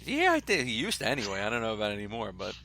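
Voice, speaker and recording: A man's voice: fairly low pitch, wildly swooping pitch, rapid-fire, vocal fry, bright, forceful tone, slight background noise. A man with a Philadelphia-area accent co-hosting a casual sports podcast, laid-back and joking, with lots of fillers and restarts. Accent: Philadelphia-area American. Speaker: podcast co-host.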